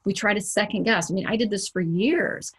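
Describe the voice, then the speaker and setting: Woman, executive coach, husky mid-pitched voice, lively conversational delivery full of rhetorical questions. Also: fairly quick. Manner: acts out quoted remarks in livelier voices. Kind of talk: motivational talk to camera.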